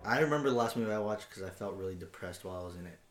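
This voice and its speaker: A man's voice: lowish voice, animated, racing. A young man co-hosting a podcast, chatting casually, swearing and laughing often. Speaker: podcast co-host. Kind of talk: casual chat. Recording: echoey room.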